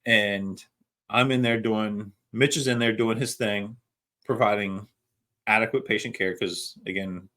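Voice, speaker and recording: This podcast co-host, a middle-aged man whose voice sits fairly low, shares a paramedic anecdote in an easygoing chat. He takes his time, rambling casually and dropping curse words without hesitation.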